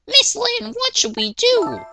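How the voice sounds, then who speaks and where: A woman voicing an excitable, loyal little male dog in a squeaky, yelping voice. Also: takes it slowly, full character voice. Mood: eager. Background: game music.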